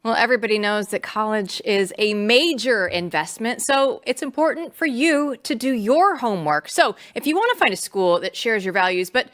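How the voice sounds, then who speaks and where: A woman hosting a news talk show, bantering with a guest and reading an ad in a brisk, upbeat way. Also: fairly high pitch, lively intonation, a bit bright. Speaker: host.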